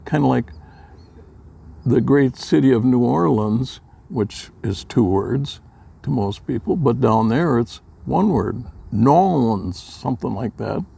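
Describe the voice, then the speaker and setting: An older man from Minnesota, telling folksy personal stories in a plain-spoken, unhurried way, with a gravelly voice. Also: medium pitch, lively intonation, dark tone. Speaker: storyteller. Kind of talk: casual personal storytelling.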